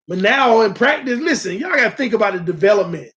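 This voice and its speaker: A man's voice: high voice, lively intonation, fast talker, fairly bright tone, lo-fi sound. A man hosting a casual live-stream sports talk show, talking animatedly and straight to his viewers. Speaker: sports channel host.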